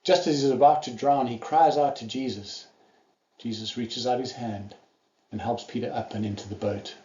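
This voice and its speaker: A man's voice: medium pitch, fairly even intonation, normal speed, dark tone, dull audio. Man preaching a sermon in an echoey hall. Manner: earnest storytelling, acting out quoted lines.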